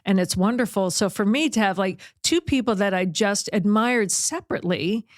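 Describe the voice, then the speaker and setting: Chatty, animated woman host, dry sound. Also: mid-range voice, no echo. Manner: animated, chatty storytelling with quick asides. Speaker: radio sports talk host. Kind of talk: casual chat.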